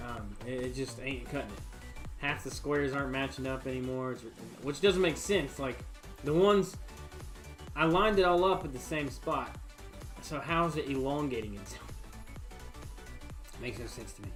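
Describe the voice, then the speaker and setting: A man with a drawl chats to his livestream viewers from a foam-lined home bar room. He rambles in a folksy, easygoing way, full of ums and uhs, at an ordinary middle pitch. Faint music plays quietly behind him. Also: lively intonation, normal speed, pauses often. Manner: rambling, laid-back, folksy, frequent fillers. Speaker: livestream host. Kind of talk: casual chat to a live stream.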